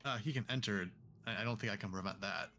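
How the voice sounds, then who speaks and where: A man with a low, gravelly voice and a bright, forceful edge, explaining his moves plainly as a tabletop player. Faint music plays under him. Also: quick pace, a little hiss or hum. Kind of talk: casual tabletop game play.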